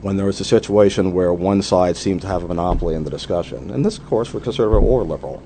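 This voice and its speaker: A man's voice: low voice, fast, dark tone, slight background noise. A man speaking as a guest in a radio interview, telling anecdotes with lots of "you know" fillers.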